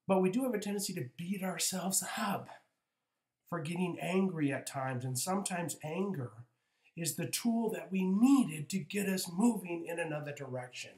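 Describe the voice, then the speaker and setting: A man in his fifties coaching listeners in a relaxed, rambling spiritual talk, circling back with "right?" between thoughts. His voice sits a little high for a man. The room around him rings with a clear echo. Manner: conversational, with frequent "right?" asides and restarts. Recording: echoey room.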